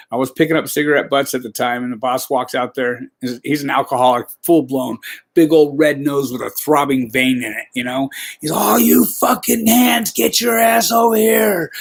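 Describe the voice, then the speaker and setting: A man hosting a podcast, telling a rambling, profane work story in casual talk. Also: medium pitch. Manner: profane, rambling, peppers with "you know". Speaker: podcast host.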